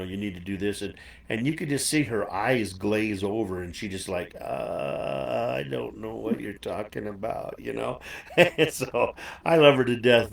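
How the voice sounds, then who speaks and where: A man's voice: lowish voice, gravelly, reverberant, distant mic. A man hosting a casual chat interview, folksy and chatty, laughing easily. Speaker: show host.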